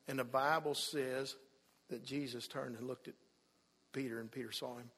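A man preaching a sermon in a church, telling the story and acting out the people in it, dropping to a hush and then rising loud again. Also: mid-range voice, fairly even intonation, moderate pace, breathy edge. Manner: storytelling, acts out quoted voices, swings from hushed to loud. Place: church sanctuary. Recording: long hall reverb.

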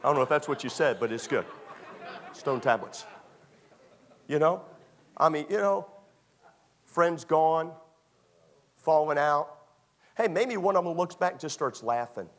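A man's voice: fairly high pitch, animated, a little slow, pauses often, a faint crowd. A male pastor preaching a sermon to young people in a church, retelling a story in a conversational way, repeating phrases and acting out small scenes. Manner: repetitive, conversational, acts out scenes.

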